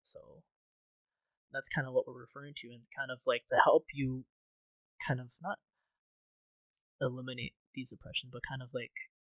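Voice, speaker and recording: A man talks loosely on a podcast, leaning on "like" and restarting his thoughts. His voice sits in a middle pitch. The room sounds dry and close. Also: level tone, moderate pace, long pauses, no echo, low-quality recording. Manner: casual, heavy use of "like" fillers. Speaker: podcast co-host. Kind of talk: casual podcast discussion.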